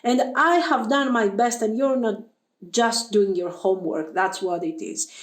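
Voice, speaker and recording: A woman's voice: a little high, unhurried, roomy sound. A woman giving a pick-a-card tarot reading to her viewers. She talks emphatically and with some exasperation, addressing them directly. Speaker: tarot reader.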